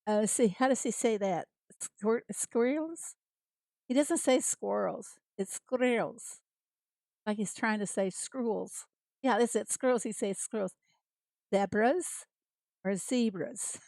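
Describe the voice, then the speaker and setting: Streaming a farming game, a woman from the United States keeps up casual livestream chat, greeting viewers by name and laughing frequently. Her mid-range voice is creaky and a little mellow at normal speed, with no room sound.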